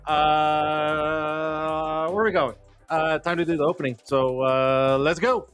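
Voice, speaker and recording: With faint background music behind him, the livestream show host talks slowly in a steady, somewhat high voice. He's loose and freely profane, sounding slightly out of breath.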